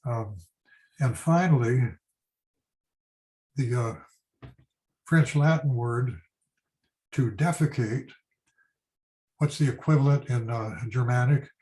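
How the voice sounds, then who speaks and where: Slow, halting older man teaching. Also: mid-range voice, darkish tone, low-quality recording. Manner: halting, many fillers and restarts. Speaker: history teacher. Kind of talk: informal classroom lecture.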